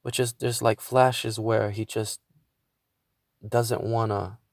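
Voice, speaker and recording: A man's voice: fairly low pitch, little pitch movement, slow, creaky, no echo. Guy ranting solo on his podcast, swears a lot, trips over words, dry close sound. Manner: frustrated, venting, swears a lot, stumbles and repeats words. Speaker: podcast host. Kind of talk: casual monologue rant.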